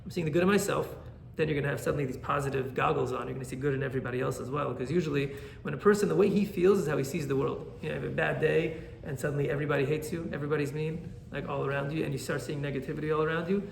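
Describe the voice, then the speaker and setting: A man, a rabbi, teaching an animated Torah class and often checking in with "right?". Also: fairly high pitch, racing, gravelly, few pauses, echoey room, a little hiss or hum.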